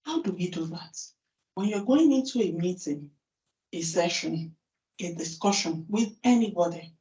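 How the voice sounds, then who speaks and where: A woman with a Nigerian accent giving a lively conference talk, asking the audience questions and then answering them herself. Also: fairly low pitch, unhurried, pauses often. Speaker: conference speaker. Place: large conference hall. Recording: distant, roomy, dull hall recording.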